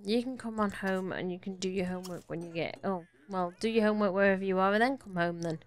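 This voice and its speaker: A gaming YouTuber gives casual Let's Play commentary on a life-simulation game. She talks fast in a medium-pitched voice and chats affectionately to her characters as she plays.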